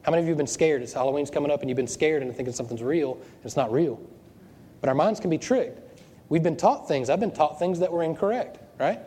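A man's voice: a little high, quick pace, mellow, slightly rough. A man preaching a sermon as pastor, talking conversationally, asking the room rhetorical questions and often repeating his words as he goes. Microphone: wearing a microphone. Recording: long hall reverb.

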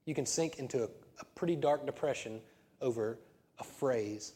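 A man's voice: medium pitch, moderate pace, mellow. A man who is a senior pastor, preaching a conversational sermon that builds to emphatic peaks. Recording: long hall reverb.

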